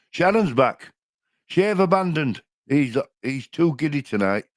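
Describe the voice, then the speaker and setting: A man's voice: fairly high pitch, no echo, studio quality. An older man with a Yorkshire accent, co-hosting a live stream in casual, homely chat and chuckling often. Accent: Yorkshire English. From Yorkshire, England. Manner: chatty, chuckling, homely, rambling. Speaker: livestream co-host.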